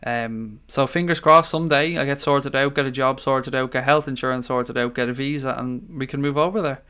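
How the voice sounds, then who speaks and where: Irish guy on a live stream, chatty, calls everyone mate, clean smooth voice, mid pitch. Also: steady tone, fairly quick, pushed and bright. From Ireland. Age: adult father of young children. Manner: friendly and chatty, greets viewers as mate and buddy. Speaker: live-stream host reading viewer chat. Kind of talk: casual live-stream chat.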